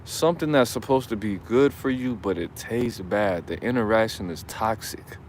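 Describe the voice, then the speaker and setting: A man's voice: lowish voice, moderate pace, a little hiss or hum. A man hosting his own channel, giving advice in casual commentary, rambling and preachy with profane jokes.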